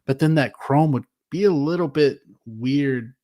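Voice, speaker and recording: A man co-hosting a casual collectors' chat, relaxed and hesitant, full of fillers. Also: mid-range voice, a little slow. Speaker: co-host.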